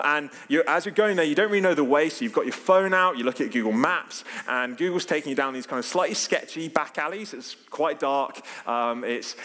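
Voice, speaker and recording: A man's voice: medium pitch, a bit bright. A man giving an informal sermon, chatty and full of fillers and restarts. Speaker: preacher. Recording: long hall reverb.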